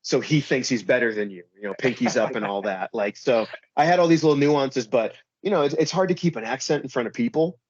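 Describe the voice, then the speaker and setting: A man in a casual interview who rambles, filling his talk with "like" and "you know". His voice sits at an ordinary middle pitch. The recording is dry and a little dull. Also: brisk, hardly any pauses, breathy edge, dry recording. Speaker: pro wrestler guest.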